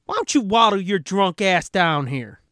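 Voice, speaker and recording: Guy with a pretty high voice, dry close sound, cracking jokes and cursing over a movie. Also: animated, moderate pace, bright, forceful tone, dry recording. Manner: joking, profane, laughs often. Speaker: podcast co-host. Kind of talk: casual movie commentary.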